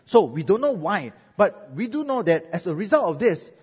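Lively preacher with a Singaporean English accent. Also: male voice, high-pitched, normal speed, slightly rough. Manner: lively, joking, asks the crowd "right?". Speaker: pastor. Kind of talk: sermon. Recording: muffled sound with long hall echo.

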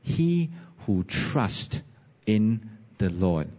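Guy preaching in a church, husky voice, lots of hall reverb, gets really animated telling his story. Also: on the low side, very slow. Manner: animated storytelling, rising emphasis. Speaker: pastor. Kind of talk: sermon with personal story. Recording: husky voice, dull sound, long reverb.

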